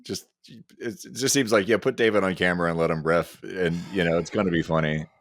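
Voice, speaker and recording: A man with an extremely low voice chats about movies. He takes his time and stops to collect his thoughts as he goes. The recording is dry and close. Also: no echo. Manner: relaxed, halting with fillers and restarts. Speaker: co-host film reviewer. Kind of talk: casual movie review chat.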